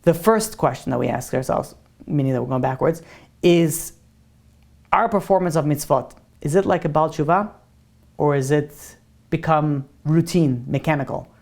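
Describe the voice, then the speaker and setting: A man's voice: fairly high pitch, normal speed, vocal fry, a little mellow. Informal male rabbi teaching a class. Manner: informal, conversational storyteller. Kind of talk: religious class lecture with questions and answers.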